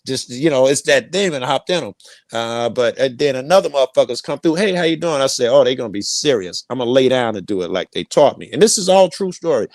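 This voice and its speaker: A man's voice: mid-range voice, animated, quick pace, a little mellow, no echo. A middle-aged man telling a rambling personal story, profane and repeating himself. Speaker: guest storyteller.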